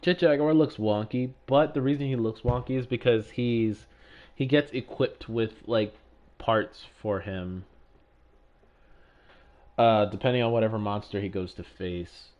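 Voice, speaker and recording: A man's voice: mid-range voice, steady tone, a little slow, highs cut off. A man livestreaming a game, chatting casually with his chat and swearing angrily at other players. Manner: chatty, answers chat questions. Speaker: gaming livestreamer.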